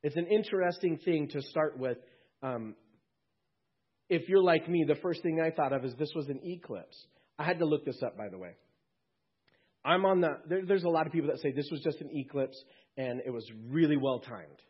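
A man with a husky, slightly breathy voice preaches to his congregation. He talks in a loose, conversational way and drops light quips between points. The sound is dull and lo-fi. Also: fairly high pitch, expressive, moderate pace. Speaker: pastor. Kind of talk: sermon.

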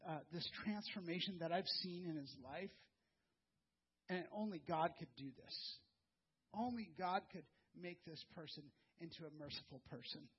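A man preaching a sermon in a conversational, earnest way, repeating words and dropping soft and low for emphasis. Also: slightly rough, muffled recording. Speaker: pastor.

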